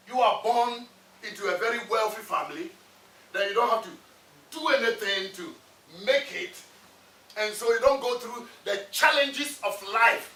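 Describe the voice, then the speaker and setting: A man with a very high, forceful voice gives an emphatic motivational talk to students. He repeats his points and puts questions to his listeners. The sound is echoey and picked up from some distance. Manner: emphatic, repetitive, asks the audience questions. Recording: echoey room, voice from afar.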